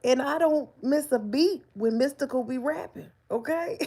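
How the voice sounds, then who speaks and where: A woman's voice: sits high, animated, normal speed, creaky, hardly any pauses, mellow, husky. A woman, chatting candidly on a live stream and laughing often. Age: 40s. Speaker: livestreamer. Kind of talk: casual live-stream chat.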